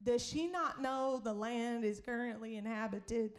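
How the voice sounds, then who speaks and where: A woman's voice: on the high side, a little slow. A woman pastor preaching in a storytelling way. She laughs often and acts out other people's voices. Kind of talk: sermon storytelling.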